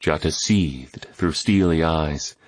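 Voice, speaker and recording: Male audiobook narrator, deep and measured, close dry studio mic. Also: no echo. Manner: measured, steady storytelling.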